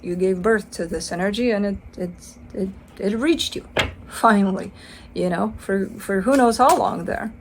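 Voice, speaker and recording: A woman's voice: mid-range voice, moderate pace, background noise. A woman giving a casual tarot card reading, chatty and playful, swearing casually and acting out the listener's side. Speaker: tarot reader.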